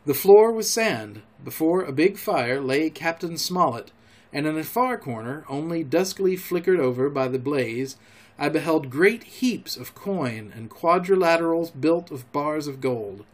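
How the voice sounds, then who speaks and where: A man narrates a classic adventure novel for his podcast, measured and expressive. His voice sits a touch high for a man. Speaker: podcast storyteller.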